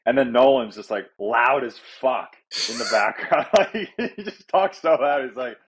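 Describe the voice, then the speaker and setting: A man's voice: medium pitch, expressive, a little slow. A man telling travel stories in casual podcast chat, rambling with many "like"s and frequent laughs. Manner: rambling, fillers of "like", laughs often. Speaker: guest.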